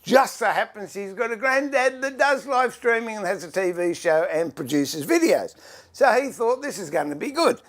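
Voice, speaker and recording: Lively high-voiced older Australian man. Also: normal speed. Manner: chatty, greets viewers by name, fiddles with gear while talking. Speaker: livestream host and furniture maker. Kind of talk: casual livestream chat.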